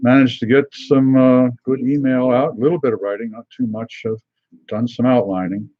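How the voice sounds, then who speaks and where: A middle-aged man hosting a live beer tasting stream, chatting casually with many pauses and fillers and greeting viewers by name. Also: mid-range voice, fairly even intonation, highs cut off.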